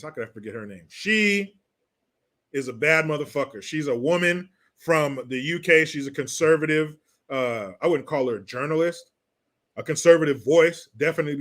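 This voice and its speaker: Guy ranting on his livestream, cussing a lot, mocking, bright forceful voice, bit high. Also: normal speed. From California. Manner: profane, blunt, mocking. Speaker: livestream host reading chat. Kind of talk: casual political rant.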